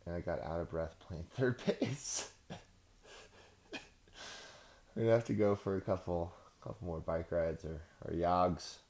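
A man's voice: low voice, a little mellow. A man hosting a podcast, ranting casually in a profane, sarcastic, rambling way. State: out of breath. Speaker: podcast host.

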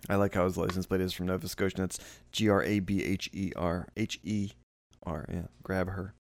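A man's voice: low-pitched, fairly even intonation, a little fast, slight background noise. A man hosting a casual podcast, laughing often as he runs the segments with friends. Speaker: podcast host. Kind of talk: casual chat among friends.

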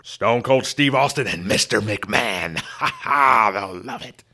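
A gruff, boisterous older wrestling boss, as a man puts him on. He barks his lines loudly and cackles with glee, sounding a little distant from the mic. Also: fairly low pitch, expressive, takes it slowly, heavily acted. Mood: gleeful. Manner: loud, cackling, pleased with himself.

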